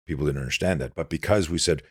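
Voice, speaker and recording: A man's voice: very deep voice, fast talker, husky, no room sound, studio quality. A middle-aged man, a self-defense instructor, telling stories intensely as a guest in a casual podcast interview. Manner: intense, animated storyteller with frequent restarts.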